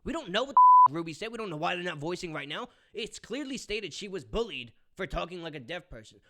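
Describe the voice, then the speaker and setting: A man's voice: high-pitched, big pitch swings, quick pace, noisy background. A young man ranting profanely about a movie review in a combative vlog, swinging between mutters and outbursts. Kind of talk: ranting commentary.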